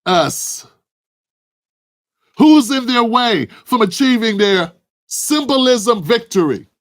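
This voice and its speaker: Guy ranting politics in a high voice, fiery, preachy, lots of who-and-why questions. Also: animated, takes it slowly. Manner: addresses a co-host by name. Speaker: political commentary host. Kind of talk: impassioned political commentary.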